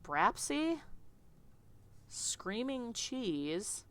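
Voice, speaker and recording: A woman streamer reading a visual novel aloud in an animated, chatty way, often laughing. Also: on the high side, drawn-out words, smooth.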